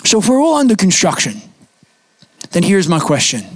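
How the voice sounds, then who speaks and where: A young man preaching a sermon in a church, telling stories in a lively, conversational way with casual fillers. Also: high-pitched, normal speed. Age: young adult. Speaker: pastor. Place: church auditorium.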